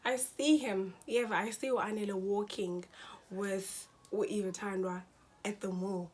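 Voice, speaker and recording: Animated young woman. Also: mid-range voice, slow, breathy edge. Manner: animated, dramatic, mixes in slang and addresses viewers as guys. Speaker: vlogger. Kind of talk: storytime vlog.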